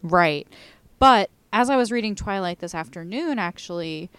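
A young woman hosting a casual podcast chat with a friend. Her voice is smooth and clear at a middling pitch. She rambles, giggles and pokes fun at herself. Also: expressive, moderate pace, fairly bright tone, dry recording. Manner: giggly, rambling, self-mocking. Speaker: podcast host.

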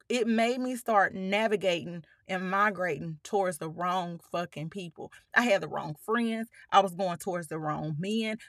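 A woman's voice: mid-range voice, pushed and bright, no room sound, clean studio sound. A woman hosting a podcast, telling listeners her personal story with emphatic, blunt language and holding back tears. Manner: emphatic, addresses listeners as y'all, frequent swearing. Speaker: podcast host.

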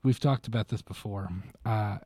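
A podcast co-host with a low-leaning, dark voice retells a film at a moderate pace and steady tone, recapping it casually in a rambling way full of fillers and restarts. The recording has no room sound.

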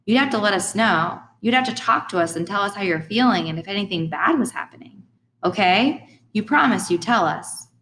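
A woman reading the lines of a gentle, affectionate father in an audiobook, quiet and reassuring. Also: mid-range voice, expressive, normal speed, lightly acted. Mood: tender.

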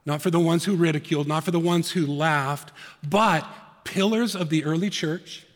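A male pastor preaching a sermon, earnest, dropping to soft hushed tones and rising to emphatic peaks. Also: fairly high pitch, moderate pace, big-room sound.

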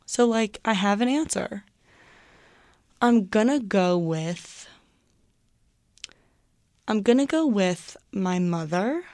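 A woman's voice: medium pitch, expressive, takes it slowly, long pauses, a little mellow, dry recording, clean studio sound. A young woman student, a guest on a casual podcast, rambling and saying "like" a lot. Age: young adult. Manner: rambling, heavy use of "like".

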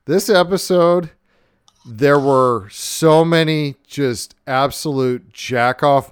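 Podcast host, excitable profane ranting, smooth tone, mid pitch, dry close sound. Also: male voice, slow pace, no echo. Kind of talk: casual podcast chat.

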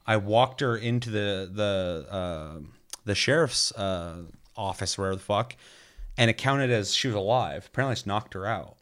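Low-voiced man rambling casually, swearing freely. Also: normal speed, fairly bright tone. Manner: loose and rambling, swears freely, heavy filler words. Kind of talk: casual chat about a video game.

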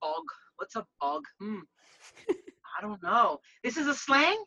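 A woman with a Bronx accent, a dog groomer guest chatting playfully and loudly over a video call, laughing often. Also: mid-range voice, sing-song, slow pace, breathy edge, no echo, highs cut off. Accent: Bronx New York. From the Bronx, New York.

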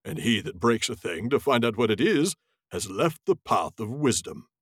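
A man voicing a wise, earnest old male wizard in a slow, measured reading. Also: medium pitch, big pitch swings, fairly bright tone, husky, dry recording, clean studio sound. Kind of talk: reading a novel aloud in character voices.

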